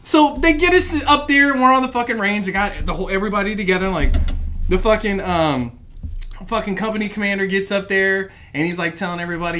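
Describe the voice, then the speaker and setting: A man in casual chat telling a story, profane and animated, acting out the voices of the people in it. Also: high voice, normal speed. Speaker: podcast guest, former Marine recruit.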